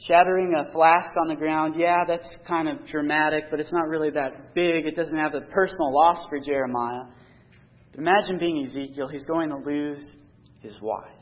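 A man's voice: a little high, fairly even intonation, normal speed. A man preaching a sermon, reading scripture aloud and explaining it earnestly, pressing harder on key points. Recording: dull lo-fi recording.

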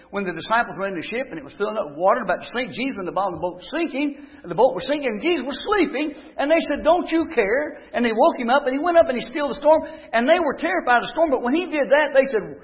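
A man preaching a sermon, telling stories and rising to emphatic declarations. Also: very high voice. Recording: dull lo-fi recording.

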